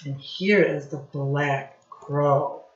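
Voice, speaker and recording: Woman reading a kids picture book real slow, singsongy teacher voice, echoey muffled room. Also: sits low. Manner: slow, sing-song teacherly, asks children questions and praises them. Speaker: storybook reader for children. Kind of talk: read-aloud storytime for young kids.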